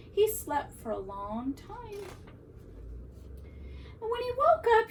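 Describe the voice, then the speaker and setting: A woman teacher reading a picture book aloud to young children in an expressive, animated way. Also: high-pitched, far from the mic, a little hiss or hum, low-quality recording. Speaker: preschool teacher.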